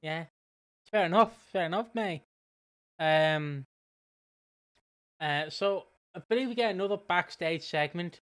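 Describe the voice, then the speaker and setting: A man's voice: a little high, unhurried, long pauses, a bit bright, clear, resonant tone. A man co-hosting a casual podcast, rambling and joking with lots of fillers and swearing. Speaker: podcast co-host. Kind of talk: casual chat.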